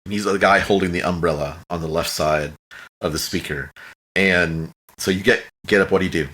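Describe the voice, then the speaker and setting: A man's voice: low voice, steady tone, brisk, pushed and bright. A man narrating a tabletop game as game master in a casual, rambling way, slipping into brief character voices.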